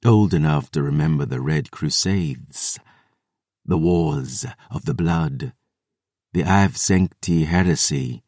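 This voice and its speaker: A man voicing a solemn woman in an audiobook, speaking softly and with measured, hushed gravity. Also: a bass voice, creaky, dry recording, clean studio sound, full character voice. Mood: awed. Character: ancient-minded solemn woman, hushed and awed.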